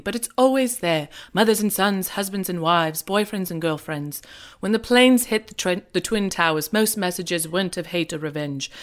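A woman doing a deliberately rough impression of a middle-aged British prime minister giving an earnest voiceover. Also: lowish voice, close to an everyday voice. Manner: mock-solemn, self-consciously clumsy British accent.

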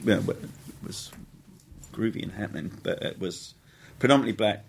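A middle-aged English actor, appearing as a guest in a casual interview, tells stories in a lowish, brisk voice with vocal fry and a breathy edge. He rambles, restarts and corrects himself, laughing often along the way.

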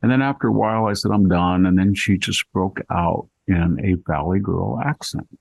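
A man's voice: low voice, normal speed, creaky, breathy edge, no echo, low-quality recording. An older man hosting a podcast, chatting casually and telling anecdotes with plenty of asides. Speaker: podcast host. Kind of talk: casual chat.

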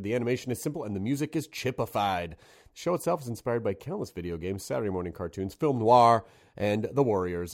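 A man's voice: lowish voice, darkish tone. A man hosting a podcast, reading plugs and listener mail in a rambling, self-correcting way and laughing easily with his guest. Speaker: podcast host. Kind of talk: casual podcast chat.

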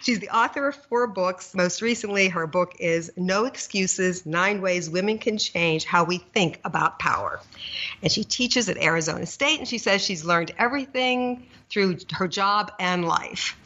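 A woman's voice: lowish voice, unhurried, pushed and bright, highs cut off. A woman hosting a podcast, chatting enthusiastically and telling stories in a casual interview. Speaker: podcast host.

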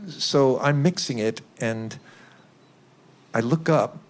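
An older man, a record producer, telling lively anecdotes in an interview, acting out quotes and chuckling. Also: mid-range voice, takes it slowly. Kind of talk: interview storytelling.

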